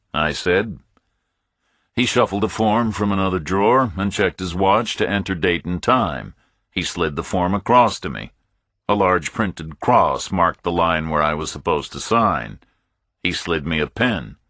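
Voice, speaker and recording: A male audiobook narrator with a very deep, husky voice, reading a first-person thriller in a laconic, matter-of-fact way. His pitch moves a lot, and he reads slowly. The sound is close and dry. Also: expressive, a bit bright, dry recording.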